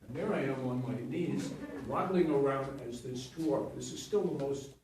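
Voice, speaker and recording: This septuagenarian stage actor and acting teacher speaks in a mid-range, slightly mellow voice at an ordinary pace, with a little background noise. Recorded from a distance in an echoey room, he wanders through interview anecdotes, laughing softly and correcting himself as he talks.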